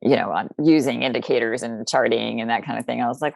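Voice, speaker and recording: Low-voiced chatty woman, dry close sound. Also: fast, creaky, no echo. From United States. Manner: rambling and chatty with many restarts. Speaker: podcast guest. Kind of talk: casual podcast chat.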